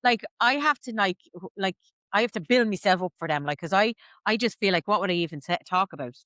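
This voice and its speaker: An Irish woman co-hosts a podcast and talks in a hesitant way. She fills her sentences with "like" and giggles often. She is recorded close on a dry mic, and her voice sits at a middling pitch. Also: fast talker, fairly bright tone, no room sound. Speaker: podcast co-host. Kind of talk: casual chat.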